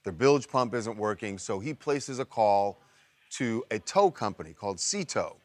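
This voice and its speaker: A man reporting, explaining events in a measured, methodical way. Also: lowish voice, expressive, dry recording. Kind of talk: explanatory narration.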